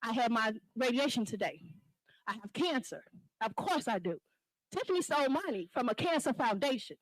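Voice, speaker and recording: A woman's voice: high voice, sing-song, normal speed, no echo, low-quality recording. A woman resident giving an impassioned, confrontational public comment at a village board meeting, speaking into a podium microphone. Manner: confrontational, pleading and accusing.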